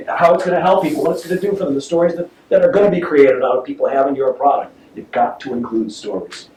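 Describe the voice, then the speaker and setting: A man, a sales trainer, giving a lively seminar talk to inventors and quizzing the audience with enthusiasm. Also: high voice. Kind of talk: live seminar talk with audience back-and-forth. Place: meeting room, heard from across the room. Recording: echoey room, far-off mic, faint hiss.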